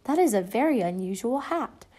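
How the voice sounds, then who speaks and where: A woman voicing a kind, patient preschool teacher who speaks in a gentle, coaxing but firm way. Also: fairly high pitch, expressive, moderate pace.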